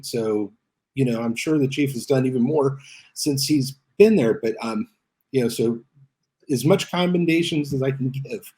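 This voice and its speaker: Halting, mellow-voiced male teacher. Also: a little high. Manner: halting, reflective, many fillers. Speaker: teacher guest. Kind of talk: panel discussion.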